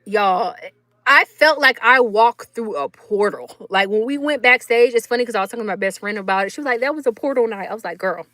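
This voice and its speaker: Young woman, animated storytime chat, higher voice, dry close sound. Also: brisk, dry recording. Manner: animated, laughs often, acts out quotes. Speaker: vlogger.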